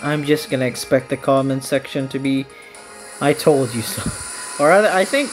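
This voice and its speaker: A woman hosting a gaming channel, giving casual, melodramatic commentary on her game summons, self-pitying with sudden shrill outbursts. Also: normal speed, over music.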